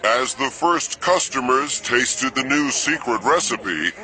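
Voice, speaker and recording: A man's voice: mid-range voice, animated, slow pace, low-quality recording. A man reading mock news narration in a grave announcer delivery.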